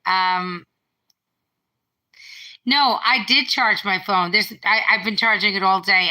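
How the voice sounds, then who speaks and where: Bright-voiced woman chatting on a phone live stream. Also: mid-range voice, slow pace, long pauses, rough recording. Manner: rambling, reads out viewer comments, restarts often. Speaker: livestreamer. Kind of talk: casual live-stream chat. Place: home.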